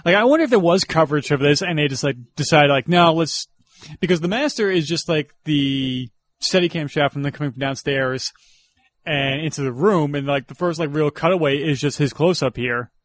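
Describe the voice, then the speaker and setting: A man's voice: on the high side, fairly quick. A man co-hosting a casual film commentary podcast, chatty and analytical, breaking into easy laughter. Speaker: podcast co-host.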